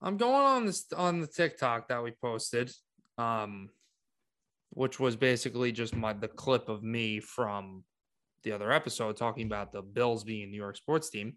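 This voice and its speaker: A man co-hosting a sports podcast, talking in casual, animated rants with frequent restarts. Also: medium pitch, moderate pace. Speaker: podcast co-host.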